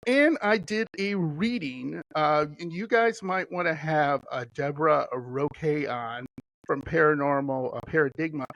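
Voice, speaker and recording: A man's voice: on the high side, animated, a little slow, creaky, a bit bright, no echo, rough recording. A middle-aged man as a podcast guest, chatting casually in a rambling, enthusiastic way with lots of fillers. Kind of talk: casual chat.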